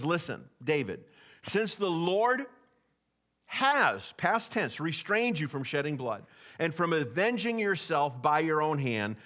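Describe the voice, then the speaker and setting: A man's voice: high voice, a bit bright. A middle-aged man preaching a sermon in a church, telling stories and acting out the voices of the people in them. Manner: storytelling preacher who acts out voices of people in anecdotes. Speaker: pastor.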